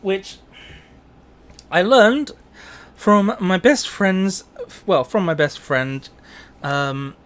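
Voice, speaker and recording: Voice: medium pitch, lively intonation, extremely slow, long pauses, a bit bright. A streamer chatting casually over a game, laughing often and swearing freely. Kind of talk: casual let's-play chat.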